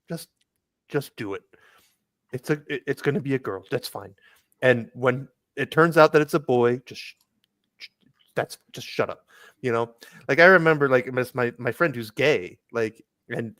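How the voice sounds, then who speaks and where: A man's voice: mid-range voice, fairly bright tone, dry recording. A man co-hosting a casual chat, rambling through asides with wry, sarcastic jokes. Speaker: podcast co-host.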